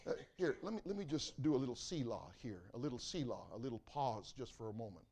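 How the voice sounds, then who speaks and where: A man preaching a sermon as pastor, swinging from loud exclamations to quiet asides. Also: medium pitch, expressive, fast.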